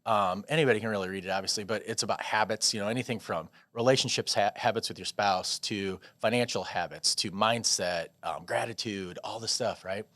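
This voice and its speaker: A man from Des Moines, Iowa, a podcast guest telling a long personal story in a rambling, animated way with frequent restarts. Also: fairly low pitch, a little fast, hardly any pauses, dry recording. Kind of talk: casual storytelling interview.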